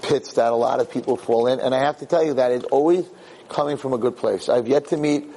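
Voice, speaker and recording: A middle-aged man, a rabbi, giving a Torah class as an animated storyteller who repeats words as he restarts his sentences. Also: mid-range voice, a little fast.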